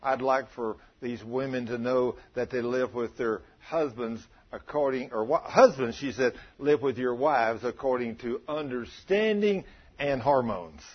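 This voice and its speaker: A man preaching a sermon, telling folksy stories with a chuckle in a husky voice. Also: medium pitch, measured pace, lo-fi sound.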